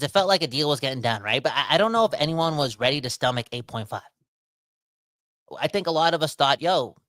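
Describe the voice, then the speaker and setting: Rambling podcast host, bright dry voice. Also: male voice, mid-range voice, no room sound. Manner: rambling, self-interrupting, animated. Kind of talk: casual sports podcast talk.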